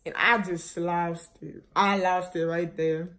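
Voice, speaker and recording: A woman's voice: fairly low pitch, fairly even intonation, slow, a bit bright. Grieving young woman, rambling vlog story. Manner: rambling, restarts often, many fillers; grieving, subdued and shaky. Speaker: vlogger. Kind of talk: emotional personal story to viewers.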